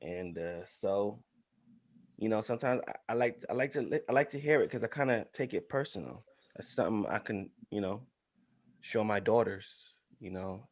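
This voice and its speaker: A man's voice: on the low side, lively intonation, normal speed, dry recording, studio quality. A man co-hosting a podcast, chatting in a casual, encouraging way. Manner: encouraging, laid-back. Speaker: co-host.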